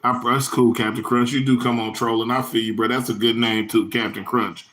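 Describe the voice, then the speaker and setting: A man's voice: mid-range voice, level tone, fairly quick, fairly bright tone. A man hosting his own livestream in a loose, rambling, profane way, full of slang and answering viewers' chat comments by name. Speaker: livestream host.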